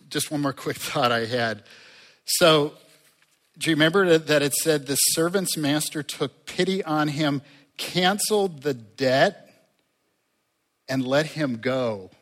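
Slow-preaching man in a reverberant hall. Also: medium pitch. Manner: conversational, with lively rises in loudness and asides to the congregation. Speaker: pastor. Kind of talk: sermon.

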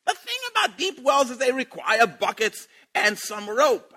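A man preaching a sermon in a playful, animated way, laughing and repeating phrases for emphasis. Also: extremely high pitch, takes it slowly.

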